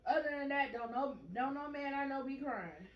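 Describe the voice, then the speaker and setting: A woman in casual conversation, relaxed and talking in quick bursts. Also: sits high, dull audio. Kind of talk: casual chat. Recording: echoey room.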